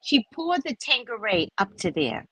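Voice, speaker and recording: A woman telling a story casually to her viewers, animated and swearing, often checking in with "right?". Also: a little high, normal speed, husky, no echo, low-quality recording. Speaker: vlogger, spiritual reader.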